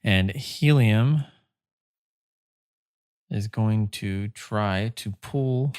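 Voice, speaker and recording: A man narrating as game master of a tabletop game, slow and halting with many fillers. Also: fairly low pitch, a little mellow, clear, resonant tone.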